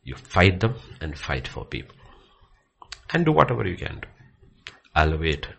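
A man teaching from the Bible with passion, dropping to hushed near-whispers and then rising to loud, excited bursts. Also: sits low, normal speed, vocal fry, breathy edge. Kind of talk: impassioned preaching in conversation.

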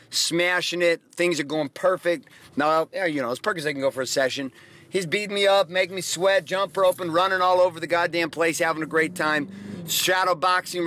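High, bright-voiced man swearing through stories. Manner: profane, rambling, emphatic storytelling. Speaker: podcast host. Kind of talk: casual motivational monologue.

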